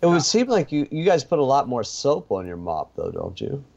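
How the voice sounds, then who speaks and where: A man's voice: mid-range voice, sing-song, moderate pace, creaky, darkish tone, muffled recording. A man who cleans windows, chatting on a podcast and giving direct, practical advice. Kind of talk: casual chat.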